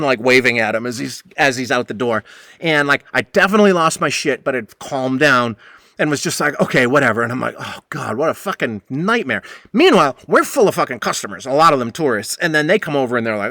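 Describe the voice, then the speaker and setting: A man in his forties hosting a podcast, telling a story in a casual, profane, animated way and acting out the other people's voices. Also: mid-range voice, fast talker, dry recording, clean studio sound. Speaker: podcast host.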